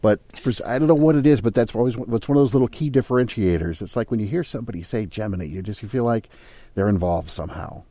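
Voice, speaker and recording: A man with a very low, dark and mellow voice, chatting casually. He drifts into playful, self-mocking tangents and dry jokes. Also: fast, no room sound. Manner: playful, self-deprecating asides. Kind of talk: casual chat.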